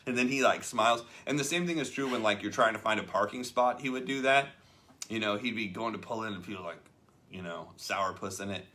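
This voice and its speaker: A man whose voice sits on the low side talks fairly quickly in a bright, forceful tone. During a casual talk show about a leadership book, the host tells a story and voices the characters in it.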